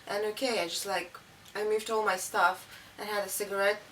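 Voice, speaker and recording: A woman's voice: medium pitch, steady tone, normal speed, a bit bright. A young woman, telling a story in a rambling, casual way with many fillers. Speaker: interviewee. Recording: distant mic, faint room noise.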